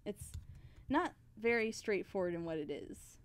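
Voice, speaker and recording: A woman's voice: mid-range voice, expressive, a little slow. A woman voice actress co-hosting a casual stream, effusive and giggly, laughing often as she chats.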